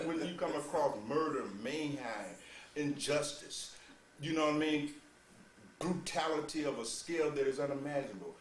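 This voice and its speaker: A man's voice: animated, crowd noise. Male preacher, sermon style, recorded from afar in a reverberant room; emphatic and teasing, addresses listeners as beloved. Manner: swings from low, measured lines to loud, laughing exclamations; addresses listeners as "beloved", asks "you see?". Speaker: spiritual teacher. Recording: roomy, distant mic with faint ambience.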